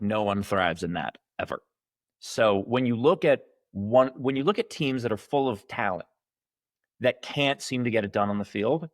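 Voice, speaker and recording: Low-voiced man in emphatic podcast chat. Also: no echo, clean studio sound. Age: late 30s to early 40s. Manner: emphatic, voices mock cheers loudly. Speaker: podcast co-host. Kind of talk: casual opinion chat.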